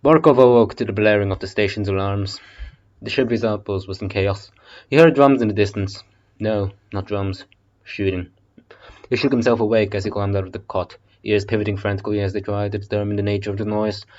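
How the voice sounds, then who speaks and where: A man's voice: lowish voice, fairly even intonation, a little fast, darkish tone, muffled recording. A man reading an audiobook casually in a basement, breaking off for swearing, joking asides. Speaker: audiobook reader.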